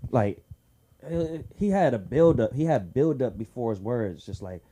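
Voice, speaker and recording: A man doing a crude stand-up set at an open mic, acting out characters in shrill voices. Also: animated, normal speed, mellow. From Southern California. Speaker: stand-up comedian. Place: comedy club stage.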